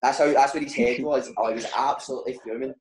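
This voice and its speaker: A Scottish footballer telling pub stories in casual chat, animated and laughing, with lots of "mate" and "right". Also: male voice, mid-range voice, fast talker, reverberant, slight background noise. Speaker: footballer guest.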